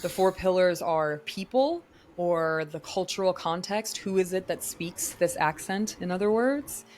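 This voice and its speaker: A woman's voice: fairly low pitch, a little slow, darkish tone. A woman who works as an actor and vocal coach, answering podcast interview questions in an articulate, explanatory teaching tone.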